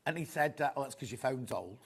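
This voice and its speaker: A man presenting a live shopping show in a studio, chatty and rambling with quick asides. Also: mid-range voice, animated, vocal fry, slightly rough. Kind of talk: live selling chat.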